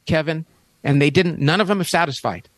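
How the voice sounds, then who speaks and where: A man in his fifties, a podcast guest, telling a story with lively, animated delivery and acted-out quotes. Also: a little fast, dry recording. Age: 50s. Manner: animated, acts out quotes with big pitch jumps. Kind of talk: storytelling in a conversation.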